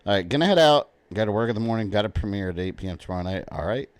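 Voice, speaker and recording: A man's voice: lowish voice, lively intonation, very fast, clear, resonant tone. A man from Florida chatting casually and rambling while streaming a video game, with the odd swear word. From Florida, USA. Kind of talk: casual gaming livestream chat.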